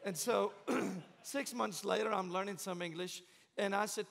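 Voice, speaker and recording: A man's voice: high voice, unhurried, vocal fry, fairly bright tone. A middle-aged man with a Syrian accent, preaching a sermon with passion and humor in a large church sanctuary. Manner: passionate, joking storyteller. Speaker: guest preacher. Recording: long church reverb.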